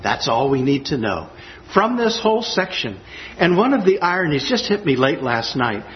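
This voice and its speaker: A man's voice: fairly high pitch, very animated, normal speed, highs cut off, slight background noise. A man preaching a sermon, earnest and emphatic as he reads scripture and reflects on it. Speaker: pastor.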